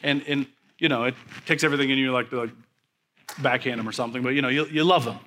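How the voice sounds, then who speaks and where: A pastor in his thirties preaching a sermon, building emphatic repeated lines, then dropping into soft, quiet stories about his family. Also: mid-range voice, quick pace. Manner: preaching with rising, emphatic repetition; drops to a soft, quiet storytelling voice.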